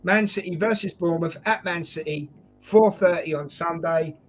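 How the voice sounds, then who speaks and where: A man's voice: on the high side, moderate pace, soft background music. A man hosting a casual football preview chat, joking and calling his guests mate. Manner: jokey, chatty, addresses guests as mate. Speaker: host.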